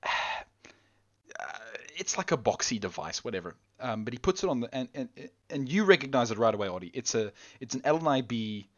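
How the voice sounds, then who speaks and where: A man narrating a tabletop game as game master, halting and restarting often. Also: medium pitch, big pitch swings, fairly bright tone, lo-fi sound. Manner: halting, with many restarts and laughs.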